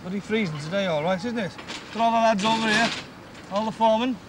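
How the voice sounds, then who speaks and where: Liverpool comic, brash club banter, high voice, echoey hall with chatter. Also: male voice, quick pace, noisy background. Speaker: stand-up comedian. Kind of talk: stand-up routine in a club. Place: working men's club.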